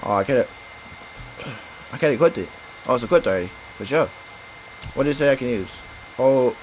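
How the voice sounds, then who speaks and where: A man giving let's play commentary, talking to himself, whooping and shouting at the action. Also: medium pitch, animated, a little fast, pauses often, slight background noise, poor audio. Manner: talks to himself while playing. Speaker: gamer. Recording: game music loud behind voice. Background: video game music and sound effects.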